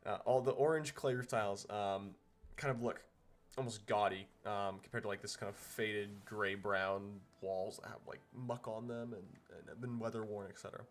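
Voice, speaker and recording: A man's voice: fairly low pitch, fairly even intonation, normal speed. A man narrating as game master in a loose, rambling way with lots of fillers.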